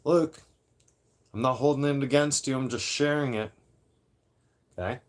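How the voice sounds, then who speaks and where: A man's voice: mid-range voice, moderate pace. A man in his late thirties telling a long story to a live chat in a casual, profane, rambling way, often repeating and restarting phrases. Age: 30s; late 30s. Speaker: livestream host.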